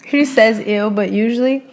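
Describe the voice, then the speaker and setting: A young woman co-hosting a podcast in casual, playful chat, laughing often and talking while eating. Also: a little high. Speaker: podcast co-host.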